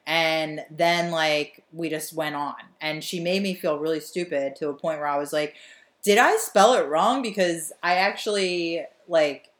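A woman's voice: deep voice, a little slow. A woman, telling a story with animation and swearing freely as a podcast co-host. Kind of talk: casual chat.

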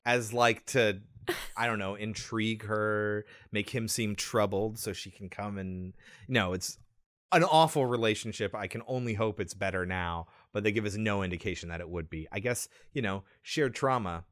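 A man's voice: lowish voice, normal speed, fairly bright tone. Chatty man hosting a film podcast. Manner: chatty, laughs often, quotes lines in put-on voices. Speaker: podcast host. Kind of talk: casual film review chat.

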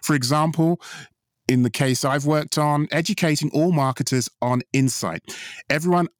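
A man's voice: on the high side, moderate pace, no echo, studio quality. A man co-hosting a podcast, making his case confidently and stressing key phrases by repeating them. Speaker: podcast co-host. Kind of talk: pitching ideas in conversation.

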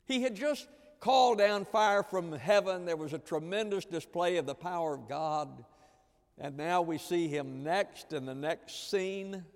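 A man preaching in an earnest, repetitive way, his voice sitting a little high for a man. He swings between ringing emphasis and soft, hushed lines. A long reverb trails every phrase, like a big hall. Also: measured pace. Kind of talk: sermon.

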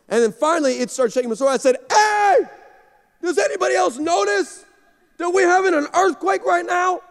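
A man preaching from the pulpit in a big church, his raised, bright voice carrying through a long, ringing reverb. He tells stories with energy and repeats himself as he presses his points. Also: high-pitched. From Texas. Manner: energetic, storytelling, repeats words when excited. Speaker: guest pastor. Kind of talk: sermon. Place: large church sanctuary.

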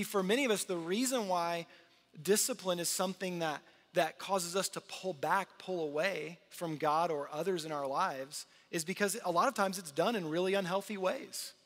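A man's voice: high-pitched, fairly bright tone. A middle-aged man preaching a sermon to his congregation, earnest and conversational, often restarting his sentences. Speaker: pastor. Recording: long reverb of a large hall.

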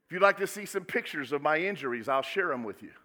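A man preaching a sermon in a big echoing hall, his voice bright and a touch high. He drops to soft asides and then rises to loud, dramatic calls. The long reverb carries every word. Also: animated, quick pace. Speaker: pastor.

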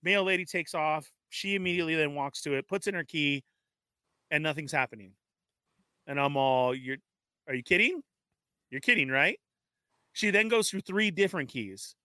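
A man telling an animated story in casual chat, laughing often and acting out the dialogue. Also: fairly high pitch, moderate pace, clear, resonant tone, no room sound. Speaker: show regular telling a story.

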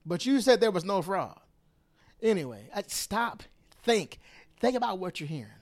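Man, podcast host, political monologue, emphatic, repetitive, animated pitch. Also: brisk. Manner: emphatic, repeats phrases for stress, swings between loud and hushed.

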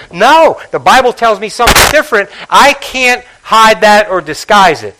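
A man's voice: high-pitched, lively intonation, moderate pace, hardly any pauses, sharp tone, rough recording. A man preaching a sermon from the pulpit as pastor, emphatic, repeating his phrases and prodding the congregation to respond.

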